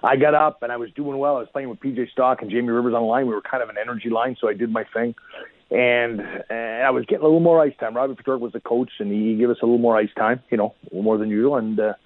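A man telling hockey war stories over a tinny, phone-like line. He talks quickly in a rambling, animated way and keeps restarting his sentences. The sound is dry and close. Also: mid-range voice, dry recording. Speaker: guest, former pro hockey enforcer. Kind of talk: casual storytelling interview.

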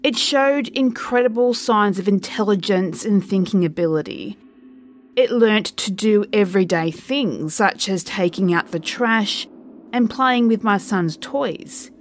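Slow, measured woman narrating a horror story. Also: mid-range voice.

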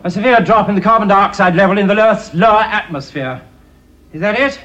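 A flustered eccentric time traveller. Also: male voice, sits high, a bit bright, highs cut off. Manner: flustered, halting, full of ums.

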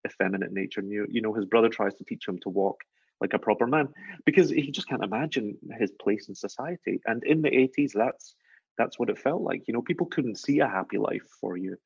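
A man with a Glaswegian accent, an author guest speaking in a thoughtful, earnest, measured way. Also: fairly low pitch, gravelly, darkish tone, slightly rough, dry recording, muffled recording. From Scotland. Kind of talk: reflective interview talk.

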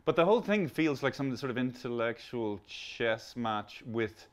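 A man's voice: mid-range voice, animated, a little slow. A man in his fifties hosts a podcast. He rambles, stumbles through restarts and drops blunt swear words into his thoughts. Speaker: podcast host. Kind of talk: casual conversation.

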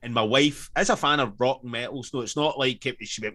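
A man's voice: medium pitch, fairly quick, hardly any pauses, pushed and bright. A Scottish man in a casual podcast chat, blunt, sweary and emphatic. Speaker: podcast co-host.

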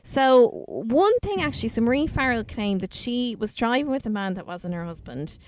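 A woman's voice: fairly high pitch, animated, moderate pace, slight background noise. An Irish woman co-hosting a casual chat podcast, telling a story in a loose, chatty way, full of filler words and the odd swear. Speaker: podcast co-host.

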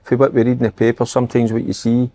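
A man's voice: mid-range voice, level tone, fast, dark tone. A Scottish man and former player on a football podcast, reflecting on judging people and tagging his remarks with "innit". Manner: reflective, tags questions with "innit". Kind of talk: casual football chat.

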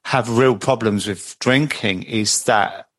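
A man's voice: on the low side, slow pace. A man hosting a podcast, chatty and full of anecdotes. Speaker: podcast host. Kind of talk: casual podcast conversation.

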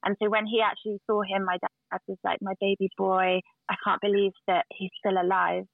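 A woman's voice: mid-range voice, level tone, a little fast, creaky, dry recording. Earnest woman guest on a remote call, thin phone-line audio, lots of fillers. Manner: earnest, storytelling with restarts and fillers. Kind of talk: casual chat. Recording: dry tinny phone-like line.

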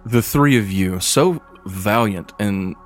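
A man narrating as game master, describing the scene in a relaxed way with casual fillers. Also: on the low side, slow pace, faint music behind.

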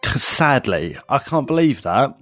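A man's voice: medium pitch, very animated, normal speed, no room sound, faint music behind. A young man with an Essex accent co-hosting a podcast, chatty and rambling, saying "mate" a lot. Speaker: podcast co-host. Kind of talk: casual chat.

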